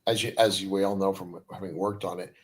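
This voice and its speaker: Wry man with a lowish voice. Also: fairly even intonation. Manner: wry, opinionated, halting restarts. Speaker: podcast co-host. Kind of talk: casual film review chat.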